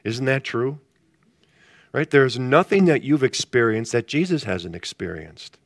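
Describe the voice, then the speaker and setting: Brief: male pastor, gravelly voice, dry close sound, chatty Bible study leader who quizzes his group. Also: medium pitch, lively intonation, measured pace, no echo. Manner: conversational, asks the group questions. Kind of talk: casual Bible study teaching.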